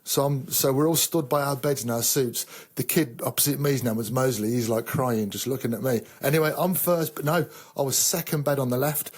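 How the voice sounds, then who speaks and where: An English army veteran telling a rambling, profane, self-mocking story in casual chat. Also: male voice, mid-range voice, a little fast, hardly any pauses, breathy edge. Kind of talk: casual sweary anecdote.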